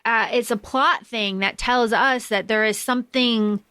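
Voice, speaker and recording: A woman's voice: a little high, fairly even intonation, a little slow, bright, forceful tone, clean tone, dry recording. A woman co-hosting a book podcast, chatting casually with lots of fillers and the odd swear. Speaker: podcast co-host.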